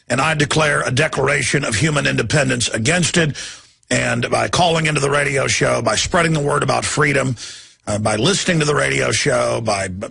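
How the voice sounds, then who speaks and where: Man, radio host, fiery rant, gravelly husky voice, bright and tense, yelling bursts. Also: medium pitch. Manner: fiery, shouting, growling outbursts. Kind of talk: ranting radio monologue.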